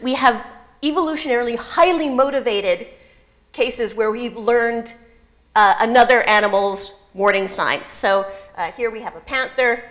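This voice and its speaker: A woman giving an academic conference talk, halting and full of fillers, with dry humor. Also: fairly high pitch, a bit bright. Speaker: lecturer.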